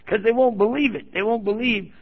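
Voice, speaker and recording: A man's voice: high-pitched, husky. A man preaching to an audience, telling a story and acting out the people in it, now and then prodding the listeners directly. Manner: acts out quoted speakers in his stories; addresses the audience directly and prods them. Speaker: Muslim preacher. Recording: tinny phone-like recording.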